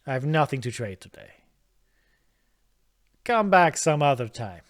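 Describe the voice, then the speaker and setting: A man putting on a gruff Italian trader. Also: mid-range voice, sing-song, a little slow. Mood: grumbling. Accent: put-on Italian. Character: gruff Italian-accented male trader, dismissive.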